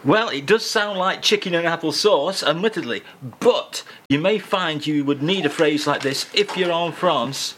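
A man's voice: fairly high pitch, moderate pace, slight background noise. A man presenting a radio show, playful and jokey, bantering from a studio. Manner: playful, jokey, animated delivery. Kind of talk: comic radio chat.

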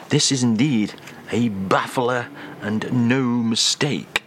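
A radio presenter delivers playful, mock-grand patter. His pace is unhurried. His tone is bright and forceful. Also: mid-range voice, husky.

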